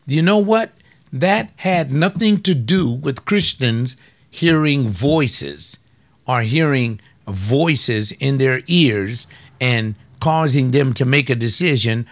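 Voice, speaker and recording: A combative male preacher in his middle years, delivering a fiery sermon in a mid-pitched voice. He sounds scornful, firing off quick bursts and then slowing down to drag out key words. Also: a bit bright. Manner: combative, scornful, rapid bursts with drawn-out emphasis.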